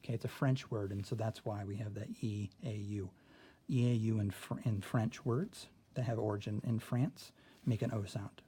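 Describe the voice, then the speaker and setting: A man's voice: on the low side, steady tone, moderate pace, warm tone, slight background noise. A man teaching a spelling lesson, walking through a word sort and checking in often with "okay.".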